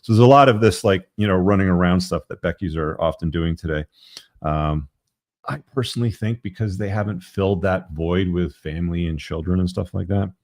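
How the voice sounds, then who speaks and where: A very low-voiced man hosts a live podcast show, reading passages from his book. He breaks off into rambling, tongue-in-cheek asides full of "um" and "you know". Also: brisk, no echo, clean studio sound. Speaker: podcast host.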